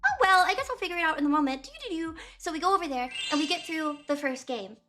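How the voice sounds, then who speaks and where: A woman's voice: high voice, expressive, fast talker. A young woman streamer casually telling a rambling story to her chat, full of fillers and acted-out quotes. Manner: rambling, lots of fillers and voiced quotes of others. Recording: lo-fi music playing softly behind.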